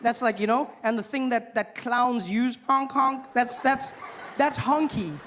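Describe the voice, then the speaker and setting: Animated high-voiced stand-up comedian man. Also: measured pace, big-room sound. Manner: animated storytelling with acted-out voices. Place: stage before a live audience.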